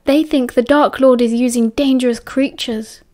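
A woman with a British accent voicing a timid, nervous teenage wizard boy who squeaks and trembles in an audiobook. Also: lively intonation, very slow, mellow, full character voice. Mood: fearful.

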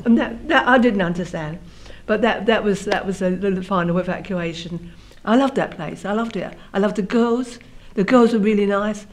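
A London woman with a mid-range voice tells her life story in an oral history interview at a normal pace. As she remembers, she frequently restarts and repeats words.

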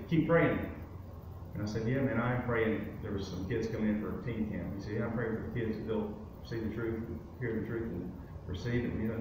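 A man's voice: fairly low pitch, background noise. A man giving a guest testimony at a church service, telling a personal story in a loose conversational way with many fillers. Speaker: guest speaker. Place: church sanctuary. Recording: very echoey room, from far off.

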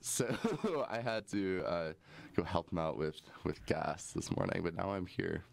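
A man's voice: low-pitched, lively intonation, measured pace, gravelly, background noise. A young college man co-hosting a campus show, telling a rambling story with dry humor. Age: young adult. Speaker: co-host. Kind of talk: casual chat.

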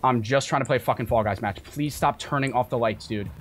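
It's very noisy as a fast-talking young man with a mid-range voice plays a horror game on stream, game music running in the background. He mutters quietly, then panics, shrieking and cursing.

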